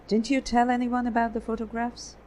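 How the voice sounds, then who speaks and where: A woman's voice: a little high, completely flat delivery, darkish tone, slight background noise, pitched above the performer's own voice, lightly acted, poor audio. Feluda, a woman voicing a curious detective. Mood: inquisitive. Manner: inquisitive, quick questions. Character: man, sharp, curious detective.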